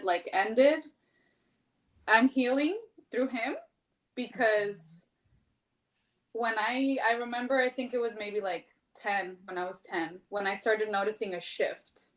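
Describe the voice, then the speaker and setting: A woman in her thirties chats openly on a podcast. Her mid-range voice wanders through long, candid stories, filled with "like" and a casual curse or two. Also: medium pitch. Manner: candid, rambling, heavy use of "like", swears freely.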